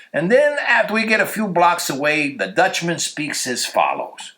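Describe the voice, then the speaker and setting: A man reading a story aloud for a church story hour, telling it in a lively, expressive way, recorded in a church. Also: on the high side, normal speed, few pauses, reverberant. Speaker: story reader.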